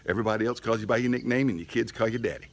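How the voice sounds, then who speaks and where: A man's voice: lowish voice, very fast, a little hiss or hum. Folksy man rambling about barbecue. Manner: folksy, rambling, chatty storyteller. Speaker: barbecue channel host. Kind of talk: casual storytelling vlog. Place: outdoors in his yard at the smoker.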